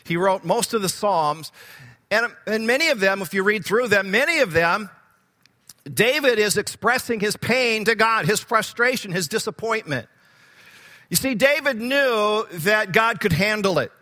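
A man's voice: sits high, lively intonation, measured pace, pushed and bright, long reverb tail. A man preaching a sermon, earnest and repeating key words for emphasis, growing fervent when he quotes scripture.

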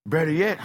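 A man preaching a sermon, swinging between soft, low asides and shouted, emphatic lines. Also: big-room sound, noisy background.

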